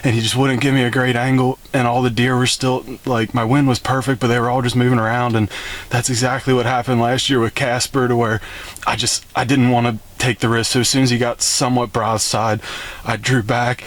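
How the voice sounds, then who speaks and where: A young man telling a story on a phone call, excited and rambling with lots of fillers. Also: mid-range voice, a little fast. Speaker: bowhunting vlogger.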